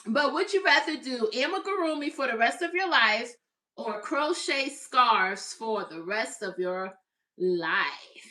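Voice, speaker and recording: A woman's voice: a little high, lively intonation, measured pace, sharp tone, echoey room, recorded from a distance. A woman hosting a crochet livestream, chatting upbeat with her viewers. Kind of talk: casual livestream chat.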